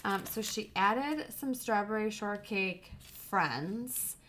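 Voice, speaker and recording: A woman's voice: medium pitch, takes it slowly, fairly bright tone, a little hiss or hum. A woman hosting a casual crafting livestream, gushing over stickers and sometimes dropping to a whisper. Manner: gushing, drops to whispers over cute items. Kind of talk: casual live chat, unboxing happy mail.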